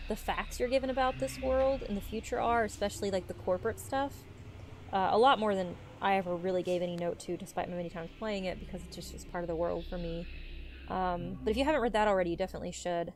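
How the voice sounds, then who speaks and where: A woman's voice: on the low side, darkish tone, slight background noise. A woman hosting a let's play, giving casual, rambling commentary with the odd swear. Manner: chatty, rambling asides with swearing.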